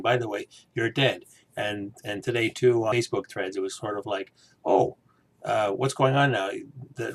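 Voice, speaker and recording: A man's voice: fairly low pitch, a bit bright. A man giving a casual spoken review and recap of a TV episode, chatty, full of fillers, briefly acting out quoted lines. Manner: chatty, acts out quoted lines in little voices; many fillers like "you know" and "uh".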